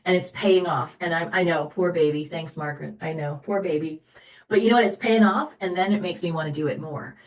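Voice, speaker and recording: A woman sales director with a lowish voice speaks briskly as she leads a motivational team call. Chatty, upbeat, and encouraging, she coaches her team, and the recording sounds roomy and echoey.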